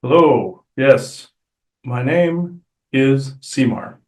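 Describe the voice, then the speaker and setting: A man channeling a calm male Sasquatch elder, speaking in a slow, deliberate, formal way. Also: medium pitch. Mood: measured. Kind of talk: channeled spirit speech. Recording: roomy echo.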